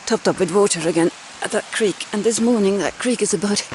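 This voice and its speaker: A woman's voice: medium pitch, a little fast, darkish tone, slight background noise. A chatty woman narrating a hiking vlog outdoors on a mountain trail into a handheld camera, laughing often. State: cold from icy water. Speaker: hiking vlogger.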